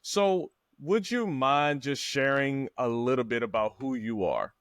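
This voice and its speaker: A man's voice: mid-range voice, lively intonation, measured pace, a bit bright, clear, resonant tone, no echo, studio quality. A man hosting a podcast interview, with encouraging, brief backchannels for his guest. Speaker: podcast host.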